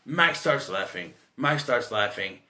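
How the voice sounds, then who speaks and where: A man's voice: medium pitch, expressive, normal speed, pushed and bright. A man in his thirties giving a casual, rambling film review, swearing freely and restarting his sentences often. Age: 30s. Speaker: movie reviewer.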